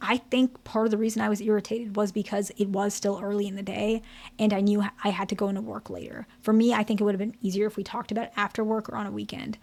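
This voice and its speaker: A woman voicing a grown husband who yelled at his wife, speaking in a plain, everyday way as she quotes him. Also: mid-range voice, flat delivery, fast, gravelly. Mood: apologetic. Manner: defensive then apologetic, plain speech.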